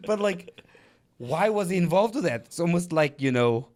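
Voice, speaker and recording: Man talking in a lively, swooping voice. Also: high voice, moderate pace. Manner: animated, emphatic storytelling with rhetorical questions. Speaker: podcast co-host. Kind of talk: casual podcast chat.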